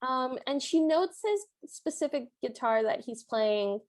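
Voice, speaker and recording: High-voiced chatty woman podcast co-host. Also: measured pace. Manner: animated, retells scenes with quoted lines. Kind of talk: casual chat recapping a film.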